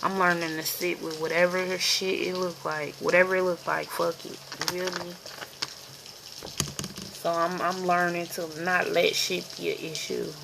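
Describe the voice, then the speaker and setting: Gravelly woman in her forties, sizzling noise. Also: on the low side, little pitch movement, moderate pace. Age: 40s. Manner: candid, profane, repeats "you feel me". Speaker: intuitive card reader. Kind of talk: casual spiritual vlog.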